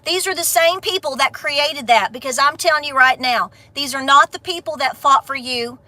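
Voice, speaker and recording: A woman's voice: sits high, normal speed, bright, forceful tone, no room sound. Sassy Appalachian woman vlogger. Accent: Southern Appalachian. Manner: folksy, sassy, fired up. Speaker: homestead vlogger. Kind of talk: casual rant to camera.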